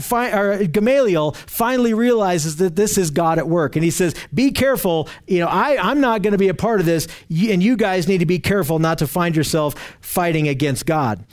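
A man's voice: high voice, a little mellow. A man preaching a verse-by-verse sermon, explaining scripture earnestly and emphatically, often restarting his phrases.

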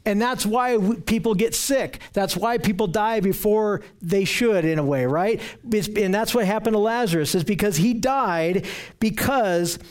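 High-voiced man preaching a sermon. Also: unhurried. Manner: earnest, repeats words while searching for phrasing. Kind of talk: sermon with scripture reading.

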